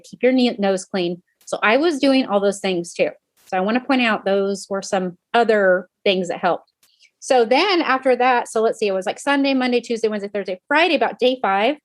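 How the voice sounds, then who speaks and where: In a mid-range voice with no room sound, a woman who hosts a podcast and works as a coach tells a personal story. She speaks directly to her listeners in a casual, chatty way, filling her talk with "um"s and correcting herself often.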